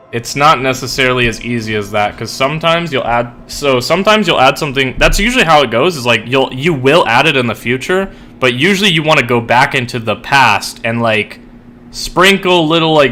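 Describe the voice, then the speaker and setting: Young male streamer, crisp tense tone, loose rambling chat, heavy fillers. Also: mid-range voice, lively intonation, normal speed, sharp tone, a little hiss or hum. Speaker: streamer and writer. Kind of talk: casual chat while gaming.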